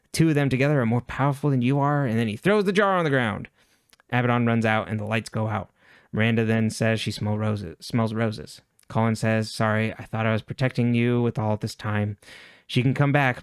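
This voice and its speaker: A man's voice: mid-range voice, clear, resonant tone, dry recording. Man recapping a show, dry close sound. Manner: recaps the plot with quick offhand asides and chuckles. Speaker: podcast co-host. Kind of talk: casual recap chat.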